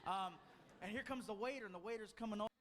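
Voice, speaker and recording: A man doing a stand-up comedy set, telling an animated story and mimicking people yelling. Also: sits high, quick pace. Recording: live club show with audience laughter. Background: audience laughter.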